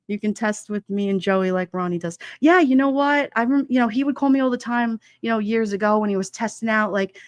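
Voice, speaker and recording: A woman's voice: a little high, no room sound. Chatty woman. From Brooklyn, New York. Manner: chatty, laughs often, many fillers. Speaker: livestream host. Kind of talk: casual chat reading viewer comments. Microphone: headset mic with headphones.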